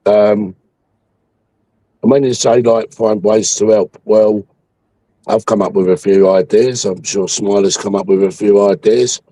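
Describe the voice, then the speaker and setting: A man's voice: on the low side, steady tone, unhurried, mellow, no echo, rough recording. A man hosting a livestream, ranting angrily with heavy swearing about politics. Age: 60s. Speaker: livestream host. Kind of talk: heated political chat.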